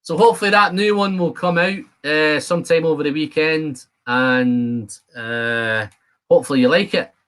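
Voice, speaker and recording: A man's voice: a little high, normal speed, fairly bright tone. Chatty man hosting a stream. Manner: chatty, rambling, self-deprecating. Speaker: whisky channel host. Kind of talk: casual live-stream chat. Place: home studio.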